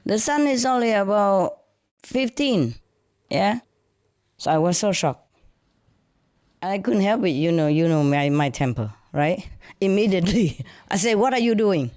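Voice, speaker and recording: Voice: medium pitch, lively intonation, a little slow, pauses often, a little mellow, no room sound, clean studio sound. Chatty storyteller with non-native English. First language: not English. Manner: chatty, grows indignant, laughs often, broken grammar; frequent fillers like you know and yeah. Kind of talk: casual anecdote told to a friend.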